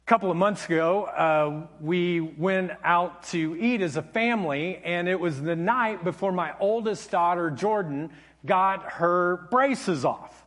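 A middle-aged man, a pastor, telling a personal story in a sermon, conversational and animated with wry humor. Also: high-pitched, a little slow.

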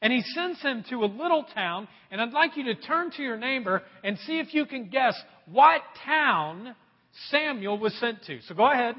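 A male pastor preaching a sermon to his congregation, telling a story in an animated way. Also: very high-pitched, normal speed. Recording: dull sound, long hall reverb.

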